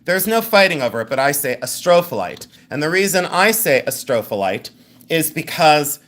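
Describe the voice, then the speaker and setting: A man with a slightly higher voice hosts a live jewelry sale from indoors. He chats casually and jokes with viewers, often breaking into laughter. He describes each ring and pendant with warm enthusiasm. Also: sing-song, normal speed. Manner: chatty, joking, often laughing. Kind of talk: live sales stream chat.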